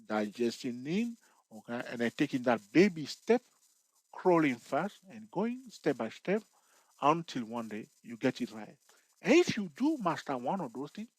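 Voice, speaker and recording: A man's voice: mid-range voice, no room sound, low-quality recording. A man giving a casual investing tutorial, often checking in with "okay" and "all right" and joking with viewers. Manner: repetitive, peppers talk with "okay" and "all right"; lively, jokes with viewers.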